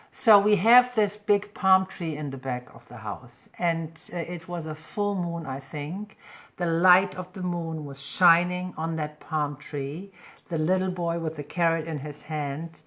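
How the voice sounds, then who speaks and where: A middle-aged woman hosting a casual live stream, telling family stories and acting out the dialogue. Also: on the low side. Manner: lively storyteller who acts out quoted dialogue. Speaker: live show host.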